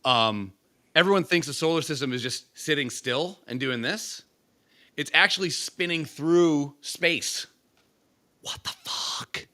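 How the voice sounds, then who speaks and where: A man co-hosting a podcast in casual chat, animated and crude, rambling with lots of swearing. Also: on the high side, measured pace, dry recording. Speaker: podcast co-host.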